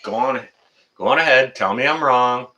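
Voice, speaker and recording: A man's voice: medium pitch, moderate pace, bright, forceful tone, lo-fi sound. A middle-aged man, hosting a casual live stream, reading the chat and answering viewers by name in a folksy, teasing way.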